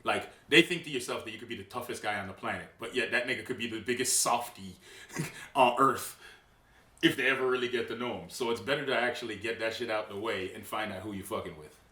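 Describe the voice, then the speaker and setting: A man co-hosting a podcast from a friend's house, bantering loudly with lots of laughing and swearing. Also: on the low side, quick pace. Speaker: podcast co-host. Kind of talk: casual chat. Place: living room at a friend's house. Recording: roomy and distant with faint hiss.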